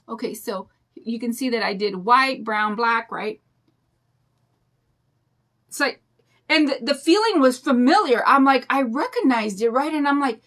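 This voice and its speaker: Slightly high and a bit bright, this craft vlogger's voice keeps a measured pace yet sounds animated. In her fifties, she paints while casually sharing a personal story in a rambling, confiding way.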